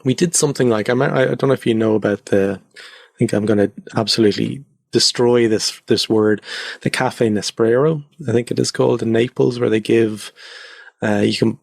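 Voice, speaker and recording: In a casual conversational interview, an Irish man speaks as a podcast guest from his converted home attic, loose and reflective with lots of fillers. His mid-range voice is creaky and a little mellow, fairly even in intonation at a moderate pace, recorded at studio quality with no echo.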